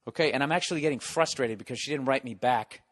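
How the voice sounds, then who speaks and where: A man's voice: mid-range voice, quick pace, fairly bright tone, no echo. A man hosting a podcast from his home, delivering a profane, exasperated solo rant. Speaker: podcast host. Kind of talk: solo ranting monologue.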